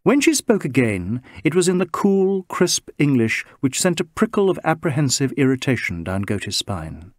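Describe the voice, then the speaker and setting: Expressive male audiobook narrator. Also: medium pitch, dry recording, studio quality. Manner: measured, expressive reading. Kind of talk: scripted narration.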